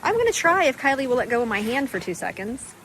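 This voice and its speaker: A woman's voice: sits high, sing-song, quick pace. An older woman, a grandmother, narrating a casual family vlog and talking to small children in a chatty, sing-song way. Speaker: vlogger and grandmother. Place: outdoor petting area of a small zoo. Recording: loud outdoor background noise.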